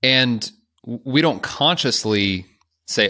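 A man co-hosting a podcast in relaxed, casual conversation. His voice is bright and forceful, sitting on the lower side for a man. He talks in a chatty way and slips in jokey, self-aware asides. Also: moderate pace. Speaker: podcast co-host.

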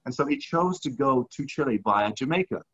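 A man in conversation telling a long story with lively acted-out quotes. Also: medium pitch, brisk, breathy edge, highs cut off. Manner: animated, acts out quoted dialogue. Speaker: guest, skier.

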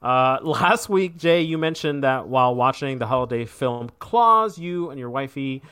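A man's voice: mid-range voice, lively intonation, moderate pace, sharp tone, smooth. A man hosting a casual podcast segment.

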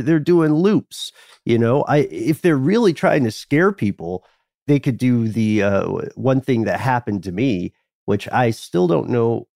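A man's voice: fairly low pitch, a little mellow, dry recording, clean studio sound. A man co-hosting a casual podcast chat, telling stories with frequent laughs and asides. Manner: storytelling, laughs often, trails off into asides. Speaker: podcast co-host.

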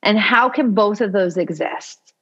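Female co-host, mid pitch, thoughtful explainer, slightly muffled audio. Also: unhurried, breathy edge. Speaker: podcast co-host. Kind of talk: casual motivational chat.

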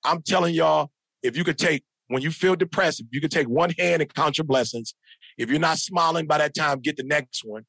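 Gravelly, bright-voiced middle-aged man speaker. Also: on the high side, a little fast, no room sound. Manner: emphatic, preacher-like, repeats phrases for punch. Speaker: motivational speaker, podcast guest. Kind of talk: animated storytelling in a podcast interview.

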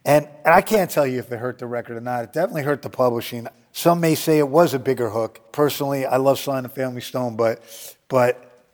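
A man's voice: medium pitch, fast talker, a little mellow, long reverb tail. A man telling a story in a casual interview, acting out quotes, laughing often and swearing freely. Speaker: guest storyteller.

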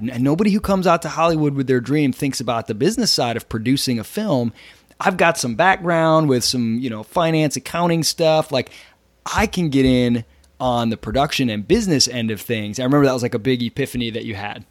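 A man's voice: mid-range voice, brisk, no echo. A man hosting a casual interview, recapping the guest's story and prompting him with questions. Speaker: podcast host.

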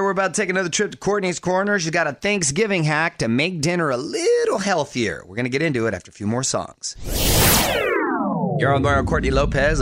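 A middle-aged man hosting a radio show in an upbeat, jokey way, reading quick promos and chatting with his co-host. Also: fairly high pitch, background noise. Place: dry radio studio. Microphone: studio mic.

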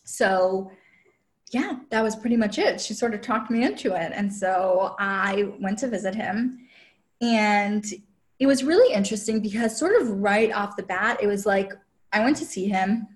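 A woman's voice: medium pitch, normal speed. A woman guest and relationship coach telling a personal story in casual chat, full of "like" fillers and quoted asides. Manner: chatty, heavy use of "like" fillers; quotes herself and others in lively asides.

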